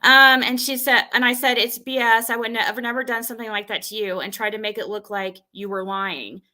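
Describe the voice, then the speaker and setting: A woman's voice: a little high, fairly even intonation, brisk, pushed and bright. A woman streamer venting and rambling as she retells an argument, with many restarts.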